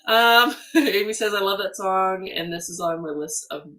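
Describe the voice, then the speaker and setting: A Canadian woman hosting a casual livestream from her home studio, reading viewer comments in a chatty, animated way with frequent laughs and ums. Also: medium pitch, moderate pace, distant mic. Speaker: livestream host, artist.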